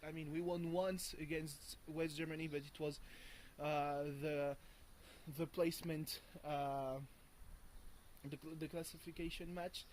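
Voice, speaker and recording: A man's voice: fairly high pitch, little pitch movement, measured pace, a little mellow, a little hiss or hum, poor audio. A man, rambling casually and swearing freely while vlogging from home on a hot morning. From France. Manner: rambling and profane, with many fillers and chuckles. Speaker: video blogger.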